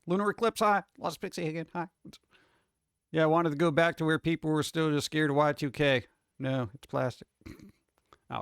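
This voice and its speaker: A man's voice: fairly high pitch, clear, resonant tone, no echo, clean studio sound. A man streaming live, rambling casually and greeting chat viewers one by one.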